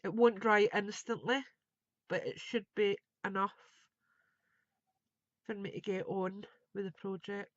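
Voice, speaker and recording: A woman's voice: medium pitch, steady tone, unhurried, long pauses, dry recording, muffled recording. A woman, chatting and thinking aloud as she demonstrates a craft project live. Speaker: craft tutor.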